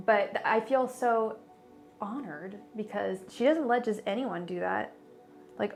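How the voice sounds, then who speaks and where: A bubbly woman chatting on a tarot livestream, gushing and giggling as she goes. Her voice sits in a middling range and keeps getting interrupted by her own fillers. Faint music plays quietly behind her. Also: mid-range voice, measured pace, creaky. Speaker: tarot reader and psychic. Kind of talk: casual livestream chat.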